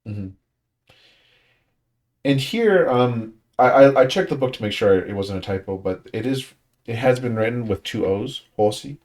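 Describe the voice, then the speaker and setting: A man's voice: mid-range voice, animated, measured pace, a little mellow. A man leading a language study group, explaining pronunciation casually and often restarting his sentences while he thinks. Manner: thinking aloud with frequent restarts and fillers.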